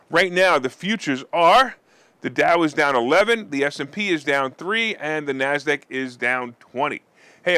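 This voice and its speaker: Hosting a finance and politics show, a man reads his commentary with sarcastic asides and mock-weeping theatrics. His voice is on the high side, pushed and bright, with no room sound.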